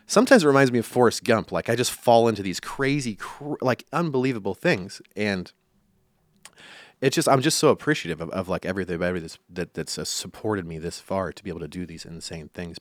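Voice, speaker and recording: Here a young man from Iowa, USA, who plays country music, chats through stories in a laid-back interview, often backtracking and filling pauses. His pitch is fairly low, and the studio-quality recording has no echo.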